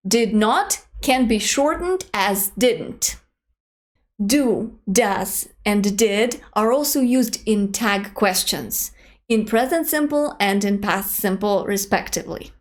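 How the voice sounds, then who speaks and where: Slow, clear-spoken woman teaching grammar. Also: a little high, animated. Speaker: language teacher. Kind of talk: online grammar lesson.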